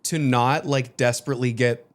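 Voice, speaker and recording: A man with a Boston accent, a former teacher, telling stories as a podcast guest in a rambling, animated way full of fillers and restarts. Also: mid-range voice, normal speed. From Boston area, USA. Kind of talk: casual podcast chat.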